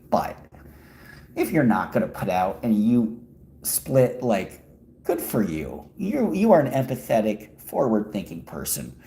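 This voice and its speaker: A man's voice: medium pitch, gravelly, mellow. A man livestreaming while out walking, answering his chat in a joking, crude, rambling way. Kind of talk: casual chat. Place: walking outdoors in a city.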